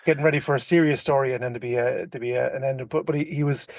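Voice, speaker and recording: A man's voice: medium pitch, fairly even intonation, quick pace, dry recording, clean studio sound. An Irish man on a podcast, telling rambling, profane anecdotes full of restarts in casual chat. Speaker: podcast co-host.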